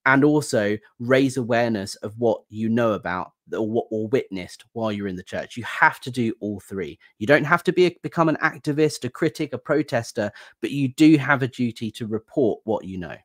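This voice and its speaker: A man's voice: mid-range voice, expressive, moderate pace, hardly any pauses, no echo. Earnest man, dry sound. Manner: earnest, firm, explanatory. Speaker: guest, ex-member activist. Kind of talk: casual video chat. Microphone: video call.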